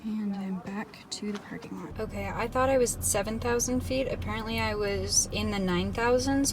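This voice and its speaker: A woman vlogging about her writing, thinking out loud in a rambling, musing way with lots of fillers. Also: medium pitch, a little hiss or hum. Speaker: writer and vlogger. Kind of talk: chatty writing vlog, thinking aloud.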